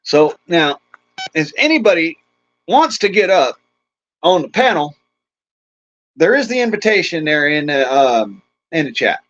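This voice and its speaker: A man's voice: on the high side, very animated, measured pace, long pauses, fairly bright tone. A middle-aged man hosting a livestream, ranting in a profane, agitated way, shaken and angry. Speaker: livestream host. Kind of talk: angry livestream rant and chat greetings. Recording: dull lo-fi stream audio.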